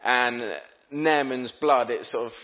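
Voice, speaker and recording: Conversational preacher, slightly muffled. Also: male voice, mid-range voice, slow pace. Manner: conversational, voices characters' thoughts. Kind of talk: sermon with Bible reading.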